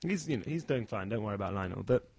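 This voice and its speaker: A man telling a funny story in a casual chat, animated and acting out the people in it. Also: lowish voice, very fast, husky, no echo. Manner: animated, acts out the characters.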